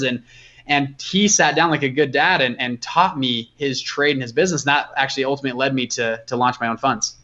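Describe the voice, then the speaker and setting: Lively young man telling a story. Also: on the high side, highs cut off. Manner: animated, tells the story with quoted dialogue. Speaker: guest entrepreneur. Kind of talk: casual storytelling.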